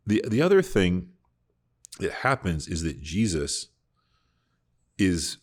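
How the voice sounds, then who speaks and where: A man's voice: a bass voice, darkish tone, breathy edge. A man hosting a casual Bible discussion podcast, talking earnestly and reflectively, often restarting his sentences. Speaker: podcast host.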